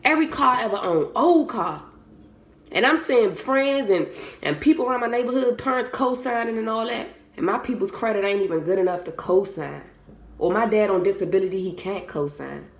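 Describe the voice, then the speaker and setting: A woman's voice: mid-range voice, fairly quick. A young woman talking candidly and bluntly to her viewers, swearing freely and speaking from the heart. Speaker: vlogger. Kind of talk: candid motivational talk to camera. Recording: roomy echo.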